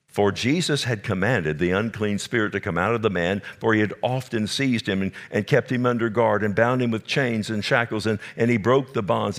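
A man preaching a Bible-teaching sermon, emphatic and direct with his listeners, repeating words for effect. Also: on the low side.

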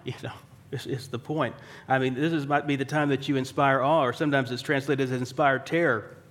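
Male pastor, mid-pitched, conversational sermon delivery, wry asides, rhetorical questions. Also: steady tone, fairly quick. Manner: conversational preaching, asks the room rhetorical questions; dry wry humor.

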